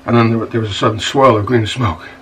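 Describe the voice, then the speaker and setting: An actor playing a rough, self-pitying bar-owner scoundrel, stammering and repeating words as he tells his woes to "son". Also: fairly low pitch, steady tone, fast talker, fairly bright tone, recorded from a distance, soft background music, natural voice, poor audio. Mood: aggrieved. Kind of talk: monologue in a comedy-drama web series.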